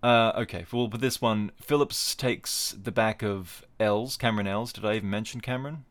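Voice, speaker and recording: Male podcast host, lower voice, dry jokey tangents while he runs through results. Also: fairly even intonation, moderate pace, a bit bright. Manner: wry, digressive, jokey asides. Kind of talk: casual solo podcast commentary.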